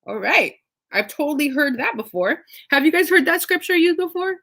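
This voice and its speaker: A woman teaching scripture in a casual, animated way, reading verses and acting out the speakers with conversational asides. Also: high voice, normal speed. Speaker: Bible study teacher.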